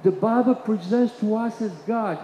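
High-voiced preacher in an echoing hall. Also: male voice, moderate pace. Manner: builds to emphatic peaks, then drops to quiet asides; repeats phrases while searching for words. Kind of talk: sermon. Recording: reverberant hall, faint room noise.

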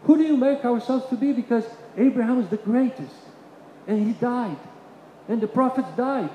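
High-voiced preacher in an echoing hall. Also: male voice, moderate pace, lo-fi sound. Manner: builds to emphatic peaks, then drops to quiet asides; repeats phrases while searching for words. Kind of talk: sermon. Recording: reverberant hall, faint room noise.

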